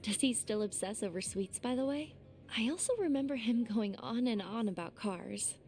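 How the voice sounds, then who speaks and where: A woman voicing a composed young student council president in a game, calm with a teasing edge. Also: a little high, moderate pace. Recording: game audio with faint music.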